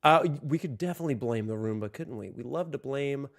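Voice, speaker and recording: A man's voice: mid-range voice, brisk, creaky. A man hosting a casual livestream from home, joking, laughing often and chatting directly to his viewers. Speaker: livestream host.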